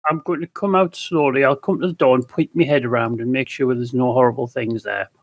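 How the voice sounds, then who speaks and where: A man's voice: medium pitch, steady tone, fairly quick, no room sound. A man playing a tabletop game, joking around as a timid character, over a video call. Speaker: player.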